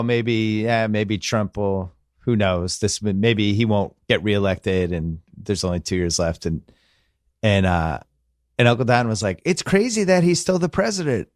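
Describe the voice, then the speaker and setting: A man's voice: lowish voice, no echo, studio quality. A man hosting a podcast in casual chat, telling stories in a rambling, wry way with many restarts. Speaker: podcast host.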